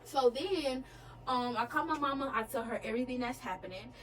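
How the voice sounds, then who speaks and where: A woman's voice: high voice, fairly quick, fairly bright tone, a little hiss or hum, rough recording. A young woman vlogger telling a storytime, chatty and checking in with her viewers. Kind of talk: storytime vlog.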